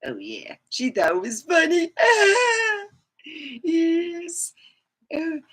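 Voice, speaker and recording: A middle-aged woman chatting on a casual livestream, rambling and animated, with sudden high whoops. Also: takes it slowly, low-quality recording. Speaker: livestreamer and comedy chat host.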